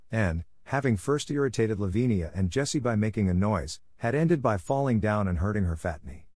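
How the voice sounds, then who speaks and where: A male audiobook narrator reading a classic novel for learners in a measured, clear voice. His voice sits a little low. The recording is dry and close-miked. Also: darkish tone, no echo. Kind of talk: scripted narration for language learners.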